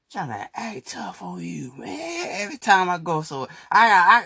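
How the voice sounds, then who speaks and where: A man hosts a solo podcast seated indoors, pulling down his stand mic again and again while ranting in a mocking, boastful way with street slang and frequent laughter between repeated phrases. His high voice swoops wildly in pitch, creaky, sharp and slightly rough, a little slow with few pauses.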